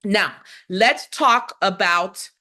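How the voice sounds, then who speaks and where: Bright, emphatic woman teaching nurses. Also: mid-range voice, extremely slow. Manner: lively, asks and answers her own questions. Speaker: nursing instructor. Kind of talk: live exam-review lesson.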